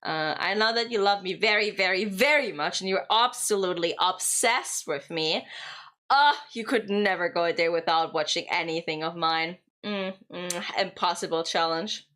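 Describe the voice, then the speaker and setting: A woman's voice: on the low side, moderate pace, pushed and bright. A young woman, chatting casually and playfully with her stream viewers and giggling often. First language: German.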